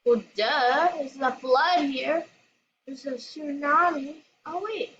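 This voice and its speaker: A woman hosting her own channel, excitedly commenting on a game she plays, squealing and laughing. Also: sits high, slow. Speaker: gaming channel host. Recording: lo-fi with noisy background.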